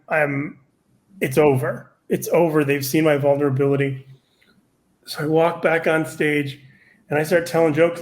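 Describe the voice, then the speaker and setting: A man in his forties with a fairly high voice tells a story as a podcast guest. He is a stand-up comedian who swears freely and keeps the telling animated and loose. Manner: profane, animated anecdote-telling.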